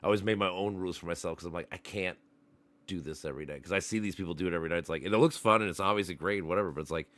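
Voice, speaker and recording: A man's voice: deep voice, very fast, a bit bright, no echo. A man chatting casually on a podcast, blunt and swearing freely. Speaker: podcast co-host. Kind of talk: casual chat.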